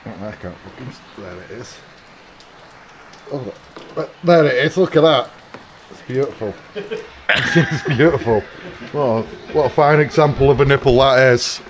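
A man's voice: mid-range voice, moderate pace. A young man on a motorcycle trip, joking crudely and laughing with his mates at a rainy campsite. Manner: swearing, joking, laughing often. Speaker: motorcycle vlogger. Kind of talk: crude banter among friends. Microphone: action camera mic. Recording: noisy outdoor recording with clicks.

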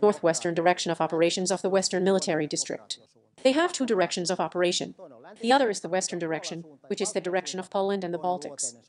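A woman reading a translated lecture transcript aloud in an even, measured way, announcing each question and answer. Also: on the low side.

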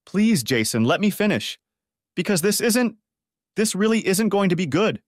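A man's voice: high voice, big pitch swings, moderate pace, no echo, studio quality, voice pushed up. A man voicing a distressed young bride who stammers through tears in an audiobook story. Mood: anguished.

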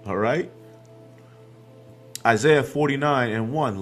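A man's voice: mid-range voice, expressive, a little slow. A man preaching a scripture-reading sermon, quoting verses aloud and tagging his points with "man" and "okay", with a faint hint of music behind.

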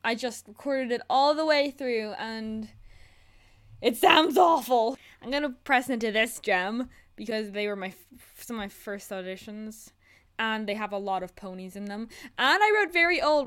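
A teenage girl with a high, bright voice hosts a casual reaction video. She chatters and giggles, poking fun at herself as she goes. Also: moderate pace, clean tone. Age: teens. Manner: giggly, self-mocking, chatty. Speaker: channel host.

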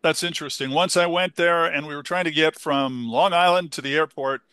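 A man's voice: fairly high pitch, a little fast, sharp tone, smooth, dry recording. A man co-hosting a car podcast, chatting casually with enthusiastic, playful asides. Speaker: podcast co-host.

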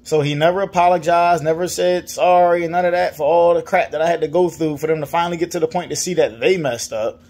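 Brief: frustrated man with a Virginia accent, casual venting vlog, slightly high voice. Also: steady tone, quick pace, few pauses, a little mellow. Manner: frustrated, repetitive, mimics others' lines. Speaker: customer complaining about a dealer.

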